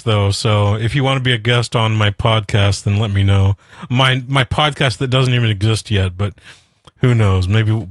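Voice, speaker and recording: A man's voice: mid-range voice, fairly bright tone, dry recording. Man hosting his own radio show, rambling rant, dry close sound, mid voice. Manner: rambling, blunt and profane, laughs at himself. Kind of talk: casual solo radio rant and chat.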